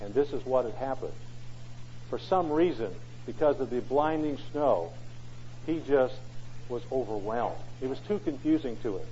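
A man's voice: mid-range voice, lively intonation, normal speed, mellow, slight background noise. A man preaching a sermon in an emphatic way, often asking rhetorical questions. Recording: dull lo-fi recording.

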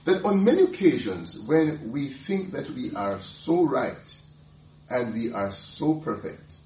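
A man delivers a sermon with a lively, swooping voice that rises high when he presses a point. He talks emphatically, laughs often and stumbles over repeated words. His voice is caught from a distance in a roomy, echoing hall. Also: slow, slight background noise. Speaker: pastor.

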